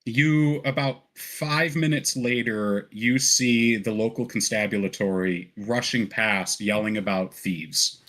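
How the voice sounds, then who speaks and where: A man's voice: fairly low pitch, slow, few pauses, a bit bright. A man narrating as game master in a live-play tabletop game, easygoing and full of fillers.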